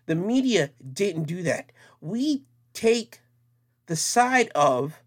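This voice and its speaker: A man's voice: high-pitched, big pitch swings, slow pace. A man giving opinion commentary in a vlog, talking in an emphatic, plainspoken and repetitive way.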